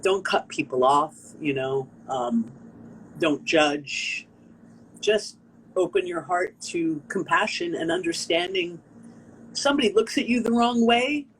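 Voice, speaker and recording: An American woman, a performance artist, telling a personal story on a video call interview in an expressive, earnest way, acting out the people she quotes. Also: lowish voice, unhurried, slight background noise, rough recording. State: tearful.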